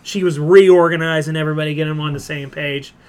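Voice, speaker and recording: A man's voice: on the high side, steady tone, quick pace, darkish tone, smooth. A man on a casual podcast who retells a comic-book plot with lots of "like" and brief quoted voices. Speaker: podcast co-host. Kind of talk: casual chat.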